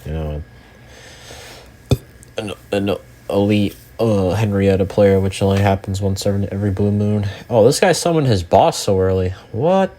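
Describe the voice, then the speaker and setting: Young male gaming host with a very deep voice; loose, rambling commentary full of fillers and casual cursing. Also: moderate pace, dark tone.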